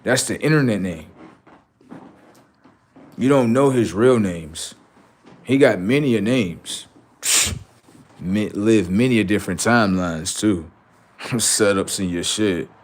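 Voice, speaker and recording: A man's voice: lowish voice, slow, pauses often. A man hosting a livestream, talking in heated banter with a mocking, argumentative, slang-heavy manner and heavy swearing. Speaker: livestream host.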